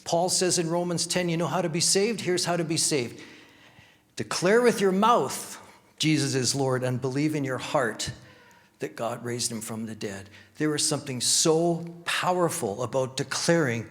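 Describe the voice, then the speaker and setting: A man's voice: fairly high pitch, normal speed. Earnest male pastor preaching in a reverberant hall. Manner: earnest, rising to emphatic declarations. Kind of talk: sermon. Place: church sanctuary. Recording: long reverb of a church hall.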